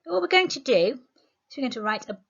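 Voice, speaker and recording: A woman's voice: high voice, big pitch swings, vocal fry, dull audio. Patient woman teaching spelling. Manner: slow and patient, sounding words out syllable by syllable. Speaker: primary school teacher. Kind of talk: phonics spelling lesson for young children.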